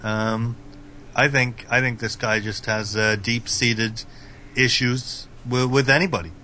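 A man guesting on a casual podcast, talking in a deadpan monotone. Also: mid-range voice, a little slow, a little hiss or hum.

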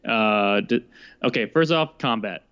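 A man in casual chat, thinking out loud and hesitating as he sets up his questions. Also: on the low side, a little slow, smooth, dull audio.

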